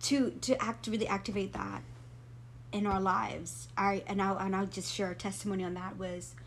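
A woman guest telling her faith testimony in an earnest, animated way. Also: medium pitch, moderate pace, creaky, slight background noise.

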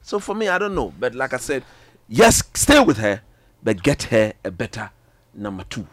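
A man's voice: medium pitch, sing-song, moderate pace, fairly bright tone, no echo. A man, an emphatic, boastful football pundit in heated banter.

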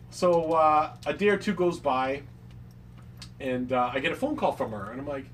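A man telling a story in casual chat, animated, laughing and swearing as he acts out quotes. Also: fairly high pitch, normal speed, slight background noise. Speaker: podcast co-host telling a story.

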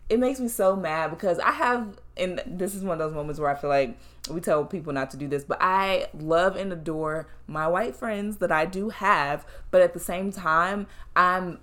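A woman's voice: fairly low pitch, fairly bright tone. Young woman podcast co-host, blunt and profane, emotional and fired up, casual talk. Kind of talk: heated casual chat.

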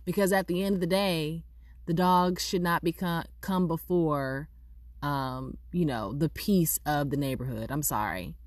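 A woman vlogger telling a personal story in a casual way, acting out both sides of the conversation with lively delivery. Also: deep voice, a little slow, dry recording, studio quality. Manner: animated, acts out both sides of a dialogue.

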